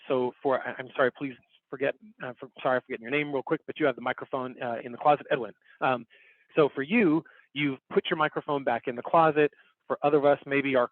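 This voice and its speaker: A man runs an online workshop from a home recording setup, explaining step by step and coming back to his main points. His voice sits in a middle range, and the call audio is narrow and phone-like. The sound is dry with no room echo. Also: mid-range voice. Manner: casual, upbeat, talks while demonstrating on screen. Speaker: workshop instructor. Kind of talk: online class teaching.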